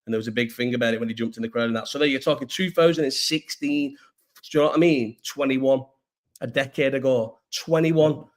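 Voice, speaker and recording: A man's voice: mid-range voice, fairly quick. A young man chatting casually on a livestream, rambling, swearing and answering viewers. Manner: rambling, slangy, swears freely, answers chat. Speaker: streamer reacting to chat.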